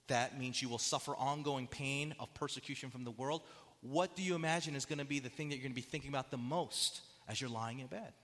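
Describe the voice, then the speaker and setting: Man preaching with lively questions. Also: a little high, big-room sound. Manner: animated preaching with rhetorical questions and dramatic quotes. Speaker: pastor. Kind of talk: sermon.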